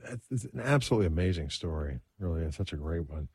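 A man's voice: low voice, fast, breathy edge, no room sound. A man hosting a radio talk show, introducing his guest and announcing a break. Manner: announces breaks and phone lines in a steady host manner. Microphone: studio microphone.

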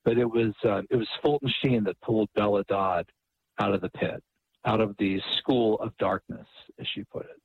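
A man's voice: lowish voice, steady tone, moderate pace, creaky, husky. A man guest retelling a story at length, with many restarts and quoted dialogue. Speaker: author and radio guest. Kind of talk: phone interview storytelling. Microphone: phone line. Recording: tinny phone line.

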